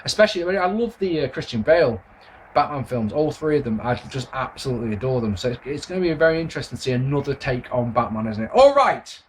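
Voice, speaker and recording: A man's voice: medium pitch, sing-song, fast, slight background noise. A man, answering viewer questions in a casual vlog, rambling, swearing and apologising for his answers. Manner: rambling, sweary, self-deprecating. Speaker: wrestling video reviewer.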